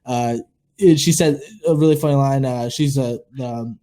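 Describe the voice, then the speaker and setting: Mellow-voiced man, rambling co-host. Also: medium pitch, normal speed. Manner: rambling, repeats himself. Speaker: podcast co-host. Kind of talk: casual podcast chat.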